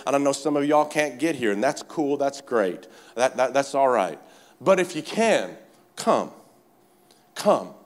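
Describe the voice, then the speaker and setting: A male pastor preaching a sermon at a church service, fervent and urging, swinging between shouted exhortation and quiet speech. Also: mid-range voice, big pitch swings, a little slow. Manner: fervent, repeatedly urges the congregation with "come on".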